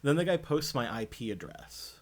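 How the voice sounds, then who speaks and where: Male podcast co-host, middle pitch, casual, profane storyteller. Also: normal speed. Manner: animated storytelling, profane, mimics others. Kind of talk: casual chat.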